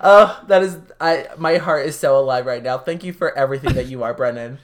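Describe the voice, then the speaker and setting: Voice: mid-range voice, brisk. A podcast co-host bantering casually, making dry, sarcastic jokes.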